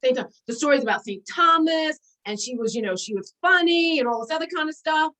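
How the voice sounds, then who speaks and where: Animated storytelling woman, a bit high. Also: fast talker, poor audio. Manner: animated, laughing storyteller with many fillers. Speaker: guest sharing memories. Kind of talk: casual storytelling conversation.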